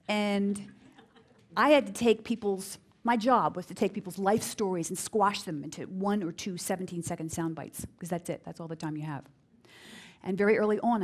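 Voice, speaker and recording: An energetic middle-aged American woman leads a live business workshop. She talks with emphasis, circles back on key phrases and drives each point home to the room. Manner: acts out quoted voices with big pitch jumps. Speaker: speaker giving a business workshop. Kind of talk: live workshop talk to an audience.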